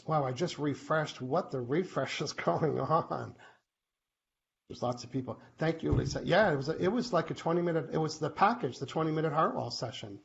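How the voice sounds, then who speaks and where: Animated man hosting a live Q&A. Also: on the high side, moderate pace, vocal fry. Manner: animated, acts out little quoted exchanges. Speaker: host. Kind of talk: live online Q&A show. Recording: muffled live-stream audio with faint hiss.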